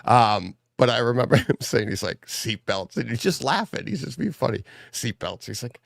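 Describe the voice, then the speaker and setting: A man's voice: medium pitch, expressive, fairly quick, gravelly, no room sound, studio quality. A middle-aged man, a podcast guest, telling rambling family stories in casual chat and laughing as he goes. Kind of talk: casual storytelling.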